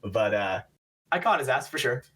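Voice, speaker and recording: A young man, a game referee, chatting on a podcast as an animated storyteller who swears and laughs a lot. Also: medium pitch, moderate pace, slightly rough. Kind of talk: casual chat.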